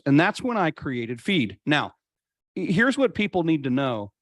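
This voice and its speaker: A man guest in an interview, telling a personal story in an earnest, reflective way and slowing down to stress key points. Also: fairly high pitch, animated, a bit bright, no room sound, clean studio sound. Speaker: podcast guest.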